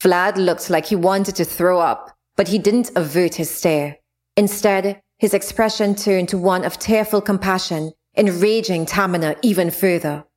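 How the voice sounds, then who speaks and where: A woman's voice: lowish voice, normal speed, darkish tone. Woman narrating a fantasy story. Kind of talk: audiobook narration of a fantasy novel.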